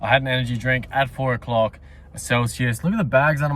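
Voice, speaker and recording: Talking fast in a fairly bright, medium-pitched voice, the young man keeps up his casual vlog to camera. It's full of swearing and bluntness, with moments of breathlessness.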